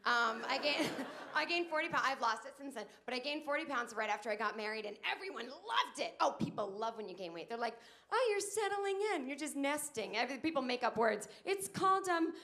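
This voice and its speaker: A woman in her late thirties doing a stand-up comedy set on a club stage, acting out other people's lines in shrill put-on voices. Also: lively intonation, quick pace, hardly any pauses, sharp tone. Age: 30s.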